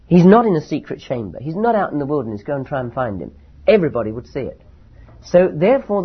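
A man teaching verse by verse from the Bible, reading scripture slowly and then explaining it with emphatic rises. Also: a little high, husky. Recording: dull lo-fi recording.

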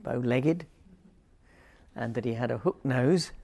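An older man teaching a Bible passage informally, rambling with wry asides and reading the scripture aloud forcefully. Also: medium pitch, takes it slowly, vocal fry, dry recording.

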